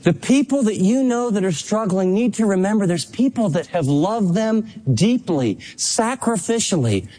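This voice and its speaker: A man preaching with a notably high-pitched voice, emphatic and impassioned. His delivery rises and presses as he urges his listeners on. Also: animated, normal speed, hardly any pauses, warm tone. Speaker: pastor. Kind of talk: sermon.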